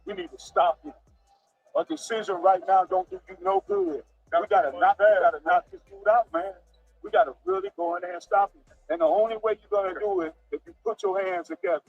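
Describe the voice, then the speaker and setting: Husky, gravelly coach giving urgent orders. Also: male voice, high-pitched, very animated, fairly quick, muffled recording, soft background music. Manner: urgent, pleading. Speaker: boxing coach in the corner. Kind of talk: urgent corner instructions.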